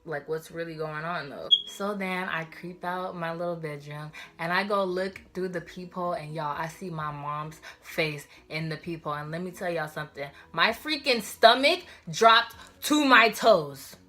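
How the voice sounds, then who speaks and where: Animated young woman telling a storytime vlog. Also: on the low side, normal speed, few pauses, soft background music. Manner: animated, slangy, addresses viewers as y'all. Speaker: vlogger.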